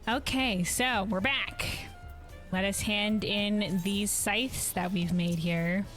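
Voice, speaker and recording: A woman's voice: mid-range voice, fairly even intonation, slow pace, fairly bright tone, soft background music. A woman streaming a game, talking in a chatty, playful way and correcting herself as she goes. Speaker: gaming streamer. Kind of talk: casual gameplay commentary.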